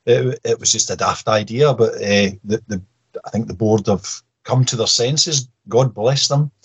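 A man, a guest on a football podcast, talking casually with dry humour and halting restarts. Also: on the low side, breathy edge.

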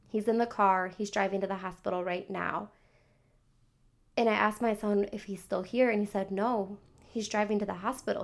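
Chatty young woman telling a story. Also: mid-range voice. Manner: chatty, many "like" fillers, acts out child's replies. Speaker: podcast host. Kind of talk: casual storytelling to camera.

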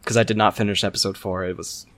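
A man's voice: lowish voice, level tone, fast, a bit bright. A man co-hosting a podcast in casual chat, blunt and wry with crude humor. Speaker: podcast co-host.

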